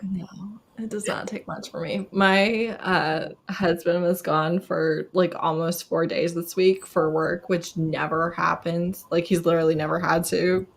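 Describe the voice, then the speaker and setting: A woman's voice: fairly low pitch, measured pace, creaky. A woman hosting a casual live video chat who tells stories with lots of laughter and acts out what people said. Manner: animated storyteller, acting out quotes, laughing often. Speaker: host. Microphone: video call.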